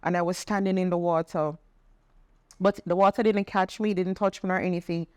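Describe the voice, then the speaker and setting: A middle-aged woman, telling a personal testimony in conversation, earnest and animated when she quotes others. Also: on the low side, brisk, clean tone, no room sound, clean studio sound. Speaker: podcast guest sharing testimony.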